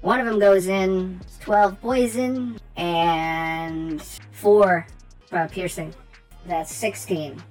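A woman's voice: on the low side, drawn-out words, darkish tone, faint music behind, rough recording. A woman playing a tabletop game, dry and wry. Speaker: player.

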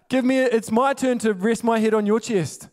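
Man voicing a weary, snarky Jesus parody, high-pitched, put-upon. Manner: sarcastic, fed-up grumbling.

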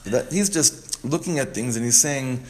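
A man's voice: mid-range voice, normal speed. Man teaching a casual text class. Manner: explains step by step, repeats phrases, frequent restarts.

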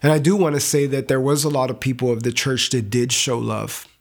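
A young man giving an earnest, emotional personal faith testimony, halting at times and repeating words. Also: medium pitch, steady tone. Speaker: testimony speaker.

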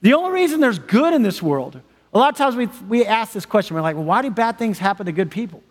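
A man's voice: high voice, very animated, fast talker. A male pastor, preaching a sermon in an enthusiastic, chatty way with frequent laughs. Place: large church hall. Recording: long church-hall reverb.

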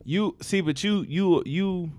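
A man's voice: high-pitched, slow, darkish tone, no room sound. South carolina guy hosting a podcast, just shooting the breeze with his boys. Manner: loose, laughing banter with friends. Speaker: podcast host. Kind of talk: casual chat.

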